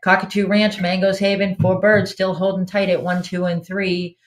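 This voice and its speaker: A woman's voice: mid-range voice, level tone, moderate pace. A woman hosting a live online trivia game in a casual, chatty way, reading out answer options and laughing often. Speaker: trivia host.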